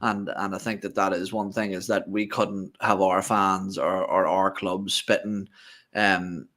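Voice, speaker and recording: A man co-hosting a football fan podcast, talking in long, measured, winding sentences. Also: low voice, flat delivery, fairly bright tone. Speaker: podcast co-host. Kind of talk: casual fan show talk.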